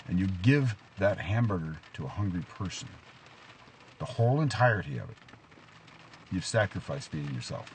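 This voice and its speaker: A man giving an informal devotional talk, asking questions and telling stories to make his point. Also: a little hiss or hum. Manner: questioning, tells stories, lively rises in pitch. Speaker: preacher. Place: outdoors in rain.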